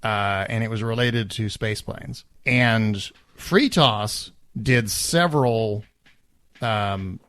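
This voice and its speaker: A man co-hosting a podcast, talking in a measured, reflective way with many fillers. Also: lowish voice, a bit bright, dry recording, studio quality. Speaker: podcast co-host. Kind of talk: casual chat.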